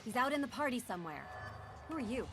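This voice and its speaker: A snarky young party guest. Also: female voice, fairly high pitch, very animated, quick pace. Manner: snarky, irritated.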